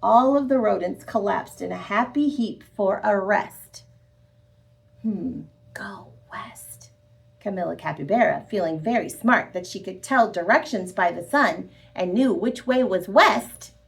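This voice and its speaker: A woman reading a picture book aloud to children, expressive and sing-song, speaking to her young listeners directly. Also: medium pitch, normal speed, vocal fry, few pauses. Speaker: storyteller.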